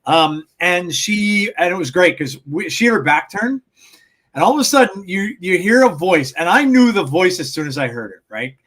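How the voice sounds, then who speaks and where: A man with a fairly high voice co-hosts a casual podcast chat. He rambles through anecdotes, full of uh's and restarts, and laughs at his own stories. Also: sing-song, moderate pace, fairly bright tone. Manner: rambling storyteller with many fillers and restarts. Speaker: podcast co-host.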